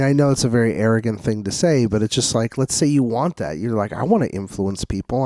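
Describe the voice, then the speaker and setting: A man's voice: medium pitch, a little mellow, no echo. A young man co-hosting a podcast, rambling through a story and acting out quoted lines in casual chat. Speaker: co-host.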